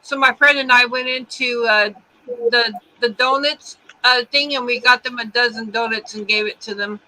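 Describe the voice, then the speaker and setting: A woman talking in casual chat, loose and rambling, often breaking into giggles. Her voice sits high and rings very bright. She tells stories in a loose, unpolished way. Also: steady tone, moderate pace, poor audio.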